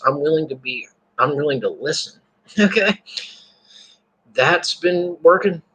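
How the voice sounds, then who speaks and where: A man speaks straight to his viewers in a loose, rambling monologue, doubling back and restarting his sentences as he goes. His voice is slightly high for a man, with a bright, forceful edge and a husky grain. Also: poor audio. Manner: rambling, repeats words and restarts, laughs to himself. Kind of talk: casual spoken monologue.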